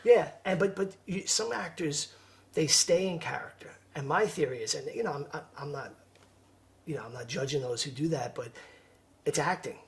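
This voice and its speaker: A man, an actor, speaking in a soft-spoken, earnest way as a podcast guest. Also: fairly high pitch, moderate pace, gravelly. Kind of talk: casual interview chat.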